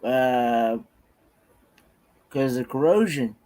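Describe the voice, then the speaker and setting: Slow, hesitant mechanic man. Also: mid-range voice, dark tone. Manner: hesitant, halting, with many fillers. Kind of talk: casual chat.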